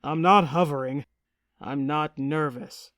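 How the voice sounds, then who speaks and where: A woman voicing an earnest, nervous young prince in an audiobook, speaking in a measured, gentle way. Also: low voice, dry recording, studio quality. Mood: flustered. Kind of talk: audiobook character reading.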